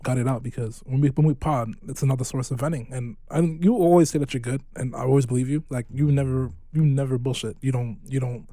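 A man's voice: medium pitch, steady tone, fast, few pauses, dark tone, no echo. A man co-hosting a podcast in casual chat, talking in a supportive way with lots of filler words. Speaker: podcast co-host and DJ.

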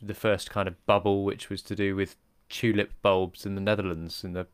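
A man's voice: low voice, flat delivery, normal speed, no room sound. A man co-hosting a casual podcast, easygoing and rambling, laughing often. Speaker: podcast co-host.

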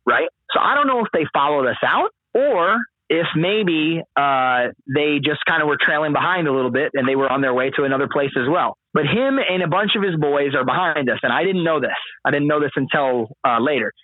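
A man's voice: a little high, fairly quick, no room sound. A man casually telling a wild story on a podcast, swearing often and packing his talk with fillers. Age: late 20s or older. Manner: animated, profane, lots of fillers. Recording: husky voice over a dry, phone-like line.

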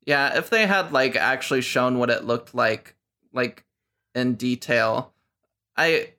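A man co-hosting a casual podcast, chatting about films. His voice has a bright, sharp edge. He talks hesitantly and fills pauses with 'like'. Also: medium pitch. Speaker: podcast co-host. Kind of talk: casual film discussion.

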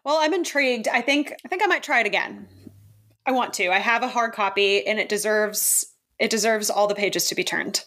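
A woman's voice: medium pitch, a little fast, pushed and bright. A woman co-hosting a podcast, chatting casually and teasing her friend playfully, laughing a lot. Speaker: podcast co-host. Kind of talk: casual book chat.

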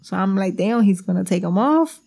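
A woman with a gravelly edge tells a funny story in loose, animated chat. She switches between English and Spanish mid-sentence and swears freely, laughing often as she talks. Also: mid-range voice, fairly quick. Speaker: girlfriend telling stories about her partner.

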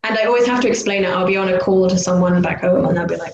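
A young woman from the UK co-hosting a casual podcast chat, animated and loud when she imitates street sounds. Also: lowish voice, rapid-fire, hardly any pauses, highs cut off. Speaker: podcast co-host. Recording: echoey room, faint background noise.

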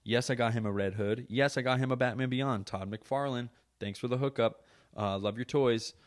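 A man's voice: mid-range voice, fairly even intonation, normal speed. Profane joking man ranting on a podcast. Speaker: podcast host. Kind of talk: casual rant. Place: podcast studio.

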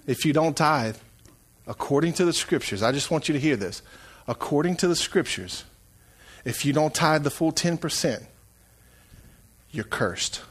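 A middle-aged man preaching a sermon as pastor, swinging from hushed asides to loud, shouted calls. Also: on the high side, expressive, moderate pace, long pauses, breathy edge.

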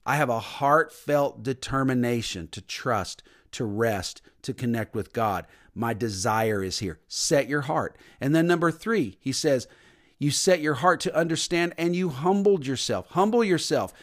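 A man preaching a sermon, stressing points with repetition and dropping to a soft voice at times. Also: mid-range voice, lively intonation, unhurried. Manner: preaching with emphatic repetition and sudden soft drops. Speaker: pastor.

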